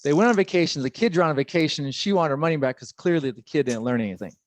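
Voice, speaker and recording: A man's voice: fairly high pitch, animated, rapid-fire, noisy background. A young man with a California accent doing stand-up comedy, often putting on the voices of people in his jokes. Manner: joking, acts out voices of people in his bits.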